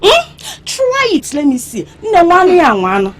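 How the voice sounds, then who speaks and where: Sharp-tongued village maiden, Nigerian accent, high voice, lively pitch, mocking. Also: female voice, slow, background noise, full character voice. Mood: taunting. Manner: mocking, confrontational, loud. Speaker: actor. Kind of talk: film drama acting.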